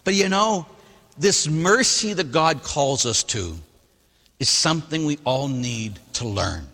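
A man, a priest, giving a sermon and telling stories in an animated way, acting out the people he quotes. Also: medium pitch, slow pace, in a large hall. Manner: animated storytelling, voicing others in quotes.

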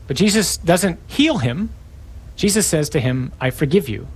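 A man's voice: a little high, expressive, moderate pace, slightly rough. A man preaching a sermon, acting out scripture with dramatic shifts in tone.

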